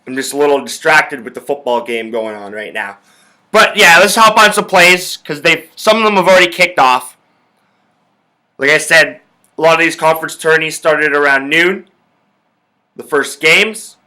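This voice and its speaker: A man's voice: fairly high pitch, normal speed, pushed and bright. A young man hosting a sports podcast, ranting about football in a profane, fired-up way. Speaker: podcast host. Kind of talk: casual sports talk.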